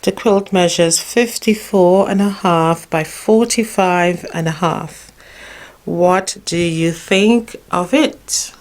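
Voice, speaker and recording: A woman vlogger chatting casually as she explains her quilting progress in her sewing room. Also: on the low side. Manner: chatty, relaxed and unhurried. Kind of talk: casual how-to narration.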